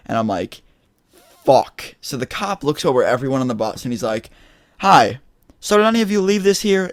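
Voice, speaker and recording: A teenage boy telling a story in a casual vlog, rambling and excitable, full of fillers and swearing. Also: medium pitch, no room sound, clean studio sound. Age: teens. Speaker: vlogger.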